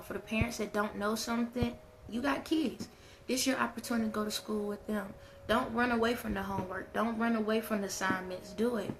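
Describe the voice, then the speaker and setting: A woman's voice: medium pitch, slight background noise. Candid, earnest middle-aged woman. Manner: candid, earnest, down-to-earth, speaks straight to viewers. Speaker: parent vlogger. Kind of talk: casual advice talk to camera.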